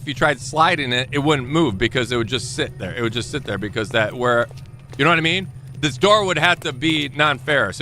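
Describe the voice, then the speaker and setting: Bright-voiced young man thinking aloud. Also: medium pitch. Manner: thinking aloud, rambling and self-correcting. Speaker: streamer. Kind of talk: live gameplay commentary.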